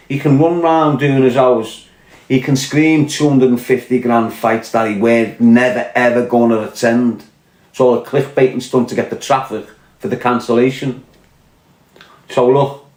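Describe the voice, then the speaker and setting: A man's voice: medium pitch, darkish tone, echoey room. Blunt Scouse man ranting on a livestream. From Liverpool, England. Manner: blunt, combative, swearing, reading and answering chat. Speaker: livestream host. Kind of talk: casual livestream rant.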